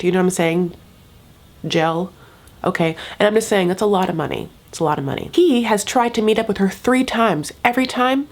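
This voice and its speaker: Chatty, sassy woman recapping a show. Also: mid-range voice. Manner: chatty and sassy with side remarks. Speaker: YouTube recap host. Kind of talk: casual TV recap commentary.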